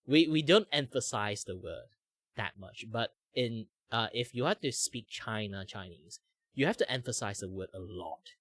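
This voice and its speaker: Ein junger Mann mit malaysischem Akzent, der im lockeren Plauderton abschweift, oft „like“ einstreut und lebhaft Stimmen nachmacht. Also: male voice, lowish voice, moderate pace, no echo, clean studio sound. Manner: rambling, many "like" fillers, animated impressions. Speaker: streamer host. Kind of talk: casual chat while drawing.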